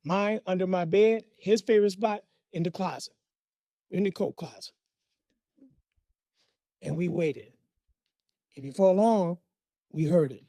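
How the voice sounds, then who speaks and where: A man's voice: high voice, no room sound, studio quality. A man telling a personal story from his childhood in a vivid, dramatic way. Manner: animated, vivid, dramatic pauses.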